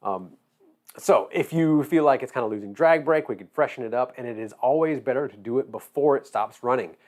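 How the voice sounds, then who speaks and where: A man from Georgia with a Southern accent, his voice going hoarse, chatting casually and rambling while he builds a model. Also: medium pitch, brisk. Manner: relaxed, rambling, drawling. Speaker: hobby shop owner.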